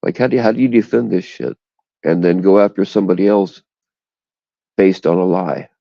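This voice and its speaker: A man's voice: low voice, fairly quick, vocal fry, dry recording, lo-fi sound. A man hosting a casual livestream chat, talking bluntly and profanely in indignant rants, recorded on a phone. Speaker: livestream host. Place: outdoors in the cold.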